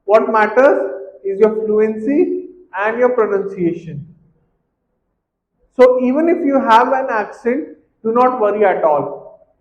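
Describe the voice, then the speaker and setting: High-voiced, slow-talking male exam tutor. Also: lively intonation, slight background noise. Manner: poses rhetorical questions, repeats key points. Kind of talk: instructional talk to camera. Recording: dull, echoey room recording.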